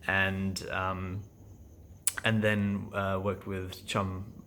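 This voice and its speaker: A man with a German accent talking through his acting class in a casual vlog, thoughtful and halting, with many fillers and restarts. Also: deep voice, monotone, pushed and bright, slight background noise. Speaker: actor vlogging about acting class.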